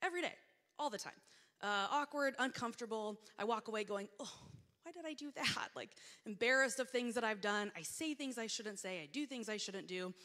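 A woman's voice: a little high, brisk, sharp tone. A woman in her thirties preaching a sermon in a church, reading scripture and telling candid, self-deprecating stories about herself. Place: church sanctuary. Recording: long reverb of a large church hall.

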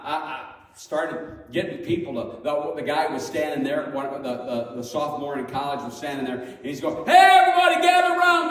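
Middle-aged male preacher, storytelling sermon, animated, distant mic in a roomy church hall. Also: mid-range voice. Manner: animated, acts out quoted voices loudly. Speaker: Sunday school teacher. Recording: echoey hall from far off.

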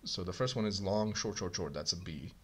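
A man reading a bomb manual aloud in a casual co-op game, hurried and muttering. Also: deep voice, fairly bright tone, breathy edge. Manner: hurried, mutters while searching, bursts into laughter. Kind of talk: casual gaming chat.

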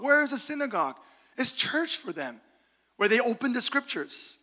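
A man preaching a sermon, telling lively stories with laughs and quoted asides. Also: very high voice, normal speed, long reverb tail. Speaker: pastor. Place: church sanctuary.

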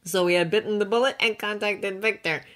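A woman reading a fanfiction audiobook, narrating in a steady, even storytelling manner. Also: medium pitch, fairly quick. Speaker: reader.

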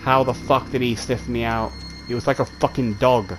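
A man's voice: medium pitch, fairly even intonation, moderate pace, faint music behind. A man giving jittery let's play commentary, swearing and talking straight to his viewers. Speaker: gamer.

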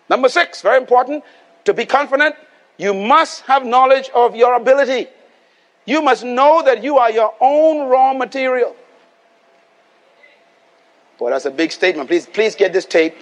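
A man's voice: very high voice, lively intonation, normal speed, long pauses, fairly bright tone. A Bahamian man preaching a live sermon, emphatic and repetitive, calling on the congregation to respond and repeat after him. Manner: emphatic, repeats lines and calls for audience response. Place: live venue before a congregation.

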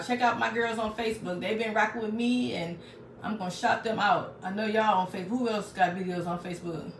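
A woman's voice: mid-range voice, fairly bright tone, distant mic. A chatty woman hosts a live crafting stream from a small craft room at home, talking straight to her viewers. Her voice sounds roomy and set back from the mic, with a faint hum of background noise. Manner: chatty, talks straight to viewers, reads out comments. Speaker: crafting livestream host.

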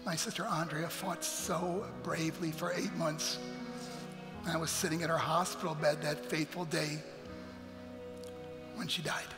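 A man's voice: on the high side, fairly even intonation, measured pace, pauses often. A man giving an earnest, emotional talk as a guest speaker in a church. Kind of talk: heartfelt motivational talk. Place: church sanctuary. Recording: long hall reverb with faint music.

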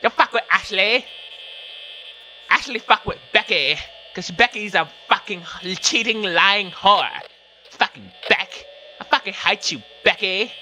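A man's voice: sits high, lively intonation, unhurried, pushed and bright, slight background noise, pitched above the performer's own voice, exaggerated voice. A man voicing a bratty, foul-mouthed young woman who taunts in a catty way. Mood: scornful.

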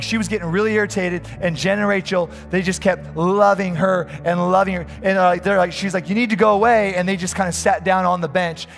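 Fervent high-voiced male pastor preaching. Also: vocal fry. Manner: fervent preaching with repeated stammered restarts. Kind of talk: sermon.

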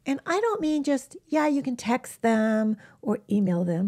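A woman animal communicator giving casual, gentle self-help advice to camera, often dropping into a soft whisper. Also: fairly high pitch, very animated, a little slow.

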